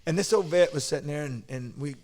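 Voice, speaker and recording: Man, podcast host, rambling casual storyteller, a bit high-pitched, long reverb in the room. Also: fast, a little mellow. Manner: rambling storyteller, frequent restarts and laughs. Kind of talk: casual conversation.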